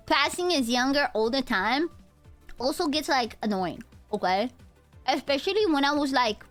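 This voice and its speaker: A woman in her twenties with a nasal voice, a VTuber chatting casually and directly with her live-stream chat. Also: a little high. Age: 20s. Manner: chatty, talks straight to her chat, drifts between tired and energetic.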